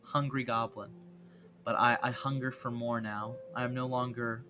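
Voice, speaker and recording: A man's voice: mid-range voice, steady tone, normal speed, background noise, natural voice. A man doing a hungry greedy goblin. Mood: ravenous. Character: hungry toe-eating goblin, small and greedy.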